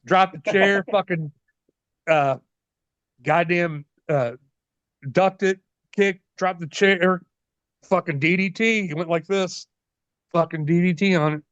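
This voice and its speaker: A man in his forties, a wrestler being interviewed, telling stories in a casual, profane, animated way. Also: sits high, slow, long pauses, smooth, dry recording. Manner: profane, animated, laughs often. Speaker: wrestler guest. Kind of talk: casual storytelling. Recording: dull lo-fi dry sound.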